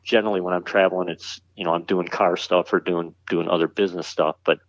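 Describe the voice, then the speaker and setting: A man with a fairly low voice talks in a relaxed, halting way, often repeating his words. The sound is dull and very dry, with little room around it. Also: no echo. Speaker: museum founder, guest. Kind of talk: casual interview chat.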